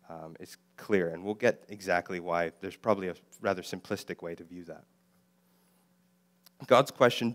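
Low-voiced man preaching a sermon. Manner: explains the Hebrew text, with fillers and self-corrections; voices God and Jonah in lively quoted lines. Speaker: guest preacher.

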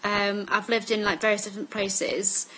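In a rough recording, a twenty-something vlogger from Staffordshire, England, works casually through an accent tag video's word list. Her voice sits mid-range, a bit bright, with flat delivery and a mixed northern English accent. She goes unhurriedly, filling gaps with many ums.

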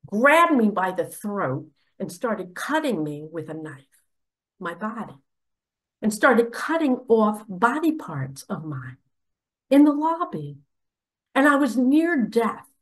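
A woman's voice: mid-range voice, a bit bright. A woman earnestly telling a personal story about a nightmare, speaking with emphasis. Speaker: religious speaker.

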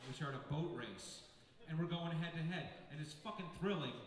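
Man, fairly high voice, brisk profane storytelling, echoing hall, crowd noise. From United States. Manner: brisk, profane, punchline-driven delivery. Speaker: comedian telling a story on stage. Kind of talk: live comedic storytelling. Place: large venue with live audience. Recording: echoey hall from far off with crowd.

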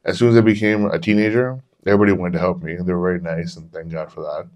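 A man in his forties with a very deep, low voice talks casually on a podcast. He rambles through candid personal stories and curses freely as he goes. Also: fairly even intonation, very fast, a little mellow. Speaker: podcast host. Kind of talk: casual storytelling chat.

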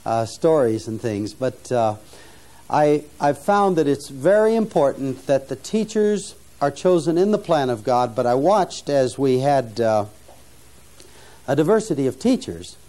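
A man's voice: mid-range voice, very animated, measured pace, dark tone. An older man giving an earnest, preacherly teaching talk to students, often restarting phrases and rising to stress key points. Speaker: mission founder teaching students. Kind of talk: sermon-style teaching talk.

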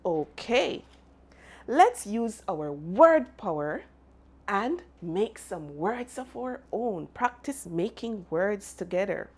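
Speaking very slowly, a woman teaches phonics to young children and sounds out each letter one at a time. Her husky voice is very animated, swooping up and down in a bright sing-song as she asks the class to repeat after her.

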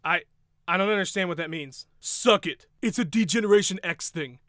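A man's voice: high-pitched, moderate pace, fairly bright tone, dry recording, studio quality. A man doing a petulant, sulky champion fighter. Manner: mumbled apologies, snaps, repeats "respectfully". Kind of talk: comedy impression sketch.

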